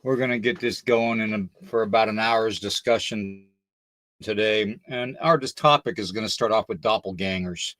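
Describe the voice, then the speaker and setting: A man's voice: fairly low pitch, moderate pace, a bit bright, dry recording. Tired older man hosting a livestream. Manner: rambling, chatty, greets viewers by name. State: tired and a little out of breath. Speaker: podcast host. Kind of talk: casual livestream talk.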